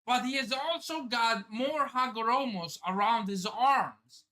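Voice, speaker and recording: A woman streamer with a bright, sharp voice pitched a little high, reacting live to a comic. She talks slowly and thinks out loud, breaking into exclamations and casual swearing. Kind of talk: excited live reaction commentary.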